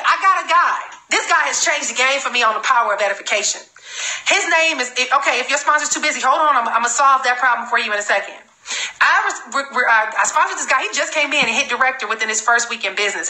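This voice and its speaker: A woman giving an energetic, emphatic live-streamed sales training talk as a network marketing trainer. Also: a little high, echoey room, low-quality recording. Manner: energetic, emphatic, repeats for stress.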